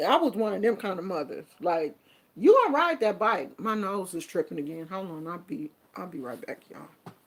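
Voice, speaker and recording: A middle-aged woman vlogger chats casually on a livestream at normal speed, reading viewer comments aloud. She's animated and sassy, swinging from low murmurs to loud exclamations.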